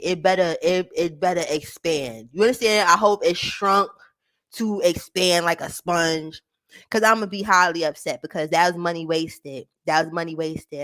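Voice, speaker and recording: Loud laughing woman vlogger. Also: mid-range voice. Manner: loud, laughing, profane rants. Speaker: vlogger reacting to a clip. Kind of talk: casual livestream chat.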